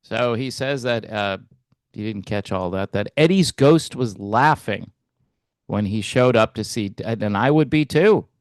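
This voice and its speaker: A man hosting a music commentary channel, talking in a relaxed, hesitant way with wry asides. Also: fairly low pitch, a little slow, no room sound. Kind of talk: casual reaction commentary.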